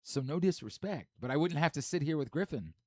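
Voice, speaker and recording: A hoarse man hosting a sports radio show, chatting casually and joking at his own expense. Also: fairly high pitch, animated, brisk, no echo. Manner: self-mocking, repetitive joking. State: hoarse from singing at a concert.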